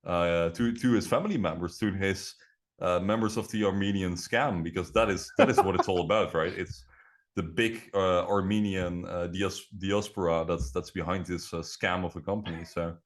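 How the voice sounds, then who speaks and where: Man, very low voice, sarcastic rambling co-host on video call. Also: steady tone, moderate pace. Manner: joking, sarcastic, rambling with many fillers. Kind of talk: casual podcast chat. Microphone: computer mic on a video call.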